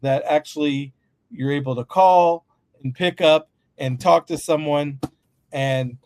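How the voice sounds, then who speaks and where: A man's voice: on the high side, a little slow, a little mellow, no room sound. A man co-hosting a casual podcast chat, talking emphatically and riffing with humorous asides. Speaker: podcast co-host.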